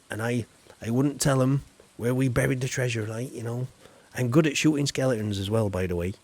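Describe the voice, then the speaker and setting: A man's voice: mid-range voice, fairly quick, a little mellow. A man chatting casually on a live game stream, rambling and reading chat aloud.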